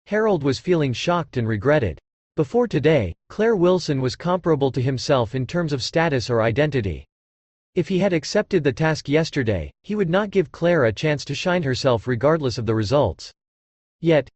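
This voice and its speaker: Man narrating an audiobook, lively pitch. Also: no room sound. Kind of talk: scripted narration.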